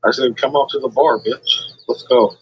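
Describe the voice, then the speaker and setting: A man's voice: medium pitch, steady tone, normal speed, dull audio, a little hiss or hum. A man ranting to his livestream chat in a rambling, combative way, swearing constantly.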